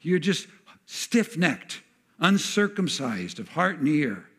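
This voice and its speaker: A man delivers a sermon with a slightly higher-than-usual voice. He preaches in an animated way and acts out the speakers he quotes as he goes. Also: slow pace, husky. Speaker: pastor.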